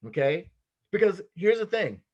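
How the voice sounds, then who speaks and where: A man's voice: sits high, moderate pace, muffled recording. A man leading a motivational business training, talking casually and acting out bits of everyday dialogue. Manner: animated, acts out little dialogues in other voices. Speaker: team leader giving business training.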